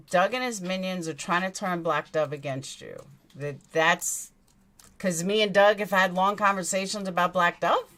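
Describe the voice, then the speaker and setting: A woman's voice: fairly low pitch, fairly bright tone. A woman with a New York accent hosting a true crime livestream, reading chat aloud and answering in a blunt, indignant way, swearing freely. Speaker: true crime commentary host.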